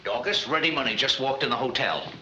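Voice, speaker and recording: A man playing a scheming con man leading the swindle, talking in a brisk, slangy and conspiratorial way, in 1940s film comedy style. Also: mid-range voice, lightly acted. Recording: hissy 1940s film soundtrack.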